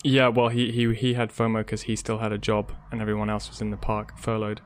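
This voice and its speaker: A man's voice: on the low side, monotone, fairly quick, a little hiss or hum. A man co-hosting a casual podcast, hesitant and often repeating his words. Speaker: podcast co-host.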